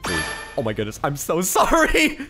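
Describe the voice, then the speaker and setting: Young man, gameplay commentator, excitable, bursts of yelling, slightly high voice. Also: faint music behind. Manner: excitable, yelling and laughing, rapid swings in loudness. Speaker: gaming YouTuber.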